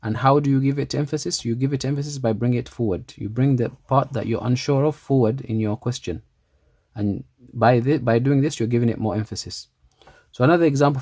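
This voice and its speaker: Male language teacher, mid-pitched voice, patient and repetitive, close dry sound. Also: mellow, no echo. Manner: reads Arabic lines slowly, repeats them, then translates. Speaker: Arabic teacher. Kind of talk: explaining a textbook dialogue.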